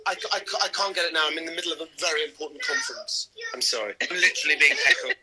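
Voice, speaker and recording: A man in his thirties chatting playfully on a live stream from home, joking and animated. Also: a little high, rapid-fire, noisy background. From Great Britain. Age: 30s. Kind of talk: casual chat.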